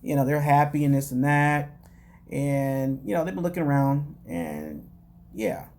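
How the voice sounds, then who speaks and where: A man's voice: mid-range voice, expressive, unhurried, darkish tone. A man casually recapping a reality show as a podcast host, rambling with lots of fillers and wry, dismissive asides. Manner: rambling, loose, full of "you know" and "like".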